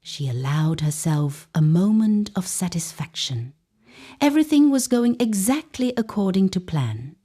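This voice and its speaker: Woman narrator, dramatic tale, husky, lively pitch. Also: unhurried. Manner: dramatic, expressive. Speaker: storyteller.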